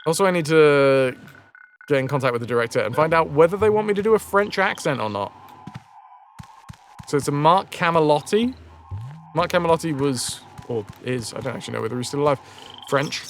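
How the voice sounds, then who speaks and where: Man, streamer, slightly high voice, very lively pitch, joking and sweary, faint game music behind. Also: brisk, long pauses. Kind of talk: casual gameplay commentary.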